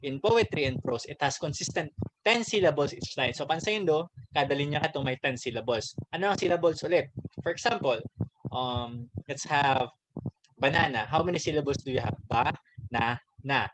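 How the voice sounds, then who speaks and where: A Filipino man with a Filipino accent, a teacher giving a casual online lesson, talking directly to his students in halting phrases with many restarts. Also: fairly high pitch, noisy background. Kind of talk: online class lesson, mixing English and Bisaya.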